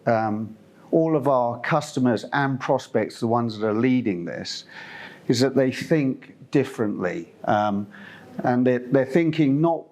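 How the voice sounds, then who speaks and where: A man's voice: mid-range voice, a little slow, darkish tone. A middle-aged man from Zimbabwe giving a conference presentation, chatty and meandering, with lots of fillers and restarts. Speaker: company presenter.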